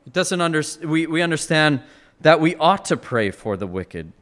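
A man's voice: a little high, very animated, normal speed, a bit bright. A man preaching a sermon, earnest and expository, rising to emphatic peaks and often restarting his words. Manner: frequent restarts and repeated words.

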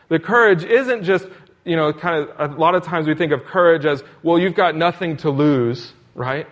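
A man's voice: fairly high pitch, animated, unhurried. A man preaching a sermon in an earnest, repetitive cadence, asking questions as he goes. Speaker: pastor.

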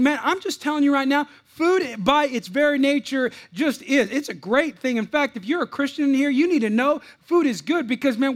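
Male pastor, very high voice, playful joking sermon, stumbles and restarts often. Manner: frequent restarts and repeated words.

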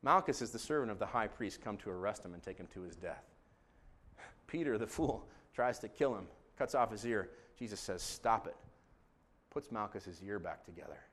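A male pastor preaching a sermon to his congregation, dramatic and shifting between hushed, quiet stretches and loud, shouted passages. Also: on the low side, animated, normal speed.

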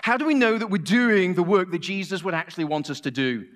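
A middle-aged man from England speaks with a Manchester accent, his voice high, fairly quick, and fairly bright. He preaches a sermon in a joking, conversational manner, occasionally restarting.

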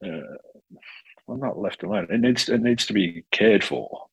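A man hosting a casual conversation, animated and quick to act out dialogue, often restarting his sentences. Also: on the low side, no room sound, rough recording. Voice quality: gravelly, husky. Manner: animated, self-interrupting, acts out quoted dialogue, swears casually.

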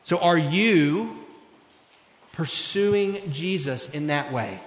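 A man's voice: on the high side, lively intonation, extremely slow. A man in his thirties preaching a sermon in a church, earnest and conversational, with personal stories. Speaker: pastor. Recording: echoey hall.

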